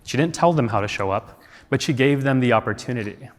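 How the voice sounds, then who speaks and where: A man's voice: medium pitch, lively intonation, a little fast. Earnest man speaking in a reverberant hall. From United States. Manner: earnest, reflective, asks rhetorical questions. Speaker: conference speaker. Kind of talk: storytelling talk on stage. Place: large conference hall.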